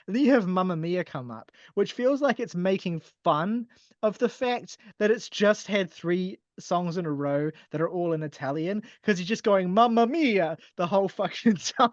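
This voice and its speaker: A man's voice: sits high, lively intonation, moderate pace, no echo, dull audio. A man co-hosting a podcast, ranting with exasperation and swearing, laughing often, mocking lines in a silly put-on voice. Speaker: podcast co-host. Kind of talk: casual ranting album review.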